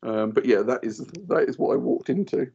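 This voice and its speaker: A man in his thirties, a podcast co-host telling animated stories in casual chat and acting out what others said. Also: medium pitch, a little fast, vocal fry, dull audio, background noise. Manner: animated storyteller, acts out quoted voices.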